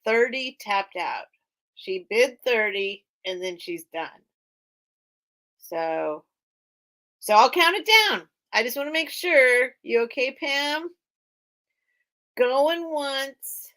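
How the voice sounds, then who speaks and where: Slow-talking woman hosting a live sale. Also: on the high side, expressive, a bit bright, poor audio. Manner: chatty, rambling, easily touched. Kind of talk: casual live-stream auction chat. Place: cluttered room at home.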